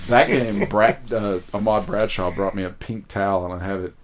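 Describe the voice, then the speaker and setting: A man in casual chat, telling lively stories and acting out what others said, with some swearing. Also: on the low side, moderate pace, a little hiss or hum. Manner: animated storyteller, swears, acts out quotes.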